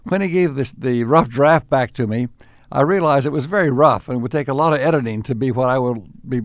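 An older man recounting memories at an easy pace, often stopping to restart a phrase and chuckling along the way. His voice sits in a middle pitch. It is recorded close and dry, with no room sound around it. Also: no room sound. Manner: unhurried, with frequent restarts and chuckles. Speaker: interviewee. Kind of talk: reflective storytelling.

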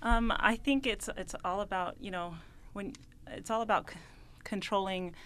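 A young adult woman, a voice student, explaining singing registers as a radio guest in an earnest, sometimes halting way. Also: medium pitch, fairly even intonation, a bit bright, smooth. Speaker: voice student and mezzo-soprano.

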